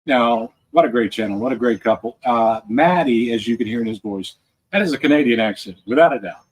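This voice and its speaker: A man's voice: mid-range voice, fairly quick, breathy edge, poor audio. A man hosting a podcast in a casual, rambling monologue, chatty and often correcting himself. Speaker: podcast host.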